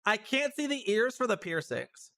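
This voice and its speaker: A male streamer giving chatty, animated commentary on a game, with sudden outbursts. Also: high voice, moderate pace. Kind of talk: casual let's-play commentary.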